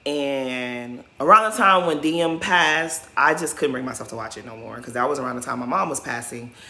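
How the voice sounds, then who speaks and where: Bright-voiced chatty Southern woman. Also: extremely low pitch, moderate pace. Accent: Southern American. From American South. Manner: chatty, tags lines with "okay?". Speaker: YouTuber. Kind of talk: casual chat.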